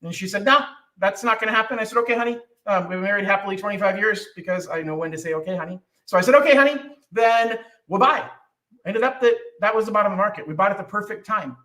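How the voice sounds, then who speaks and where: Middle-aged guy talking home loans, lively and high-pitched, sits back from the mic in an echoey room. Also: distant mic. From California. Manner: animated, acts out other people's voices. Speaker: mortgage lender hosting a market update. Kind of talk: casual market commentary.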